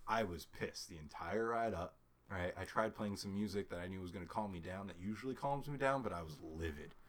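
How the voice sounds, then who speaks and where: A man's voice: deep voice, brisk. A man telling a frustrating story in casual chat, cursing heavily and acting out both sides of arguments with lots of "like" and "right?". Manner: heavy cursing, animated retelling with quoted back-and-forth; frequent "like" and "right?" fillers, laughs mid-sentence.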